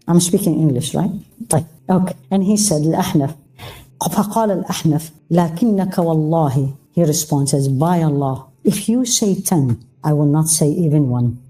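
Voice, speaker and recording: A woman's voice: low voice, warm tone, low-quality recording. A woman whose first language is Arabic gives a religious lecture to a live audience. She retells stories with acted quotes and keeps asking her listeners questions. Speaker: Islamic lecturer.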